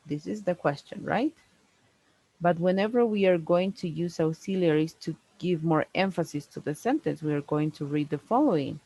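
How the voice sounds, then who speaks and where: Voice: medium pitch, gravelly, a little mellow, slightly rough, dry recording, low-quality recording. English teacher, patient one on one grammar lesson, keeps tacking on "no?" and "right?", dry close sound. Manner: patient, explains slowly, ends points with "no?" and "right?".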